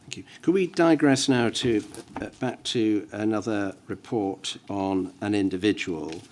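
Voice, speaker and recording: A man questioning a witness at a formal hearing, measured and careful, reading out references with hesitant fillers. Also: on the low side, a little mellow. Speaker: inquiry counsel. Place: inquiry hearing room.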